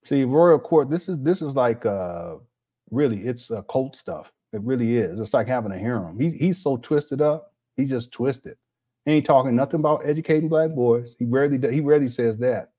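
A man's voice: mid-range voice, expressive, moderate pace, warm tone. A man hosting a casual reaction commentary, rambling with many restarts and scornful asides. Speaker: commentary host.

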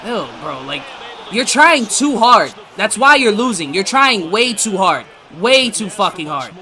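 A man streaming a football video game, talking trash and swearing at his opponent. His voice sits very high and bright. His pitch swings widely between shouts and mutters. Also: sing-song, unhurried. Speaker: gaming YouTuber. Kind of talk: live gameplay commentary.

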